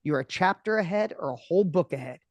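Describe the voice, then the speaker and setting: A man's voice: sits high, no room sound, clean studio sound. Passionate, restless middle-aged male guest. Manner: passionate, acts out other people's voices in quick bursts; repeats and restarts words when excited. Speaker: guest, entrepreneur. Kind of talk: energetic interview conversation.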